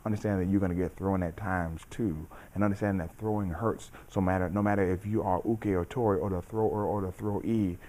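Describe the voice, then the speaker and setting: A middle-aged man and judo coach giving a reflective motivational talk, measured and preacherly, repeating phrases for emphasis. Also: low-pitched, fairly even intonation, dark tone.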